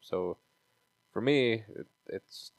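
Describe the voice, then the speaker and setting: A man with a lowish voice speaks calmly and without hurry in casual podcast talk. He is recorded dry and close to the mic. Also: slow, gravelly, no echo. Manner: laid-back, gives short backchannel replies. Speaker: martial arts instructor and podcast co-host.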